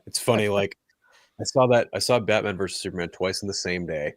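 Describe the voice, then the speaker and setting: A co-host in a casual chat, telling a story with lively, acted-out quotes. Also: sits low, a little fast, no echo, clean studio sound.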